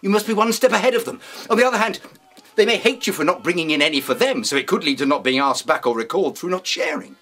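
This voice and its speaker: A man giving an acting lesson in a pompous, deadpan, mock-serious way. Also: fairly high pitch, fast. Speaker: acting teacher. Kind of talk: mock-serious instructional talk.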